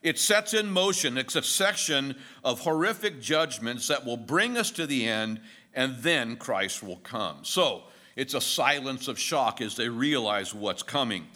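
A man's voice: mid-range voice, animated, measured pace, pushed and bright. A middle-aged male pastor giving an expository sermon in a conversational way, mixing jokes and stories into the teaching.

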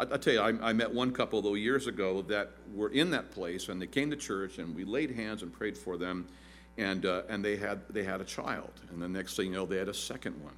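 Animated, bright-voiced pastor preaching. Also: male voice, a little hiss or hum. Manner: animated, jokey, acts out quotes in a shrill voice. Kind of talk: sermon.

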